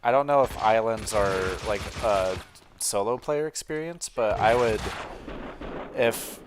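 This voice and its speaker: A man's voice: fairly low pitch, measured pace, noisy background. A young man who hosts a video channel, chatting casually on a voice call, hesitant and eager, with many fillers. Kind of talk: casual chat over a voice call.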